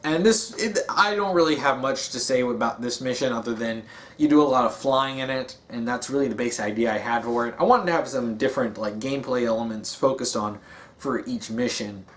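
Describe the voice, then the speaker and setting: A man's voice: mid-range voice, a little fast, fairly bright tone. A man giving a casual, rambling monologue, with many fillers and restarts. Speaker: video essayist.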